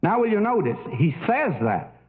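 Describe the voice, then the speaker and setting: An older man preaching a sermon, telling a story with folksy asides, many fillers and a lively, rising and falling delivery. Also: high-pitched, moderate pace. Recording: phone-like narrow audio.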